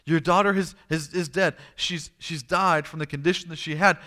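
A man voicing grim messengers delivering bad news, slow and halting. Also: a little high, fairly even intonation, pushed and bright. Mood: somber.

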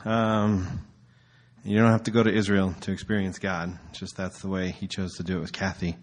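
A man's voice: deep voice, level tone, moderate pace. A man preaching casually as a pastor, telling a story in a loose, conversational way with filler words.

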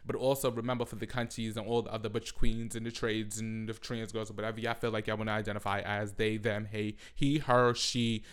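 A man hosting a casual solo podcast, talking loudly and animatedly with frequent swearing and mocking asides. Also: lowish voice, flat delivery, fairly quick, hardly any pauses, smooth. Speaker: podcast host.

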